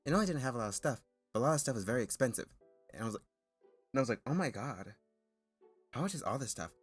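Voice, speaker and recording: A man's voice: mid-range voice, lively intonation, racing, husky, faint music behind. A man streaming and chatting casually with viewers, rambling with frequent laughs, false starts and restarts, a little nervous. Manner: self-consciously nervous.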